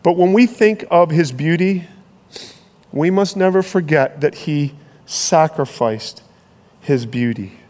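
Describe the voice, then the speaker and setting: A man preaching a sermon, earnest and emphatic, slowing down on key phrases, heard in a large hall. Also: on the high side, darkish tone. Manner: earnest, building to emphatic peaks, slowing for weight. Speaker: pastor.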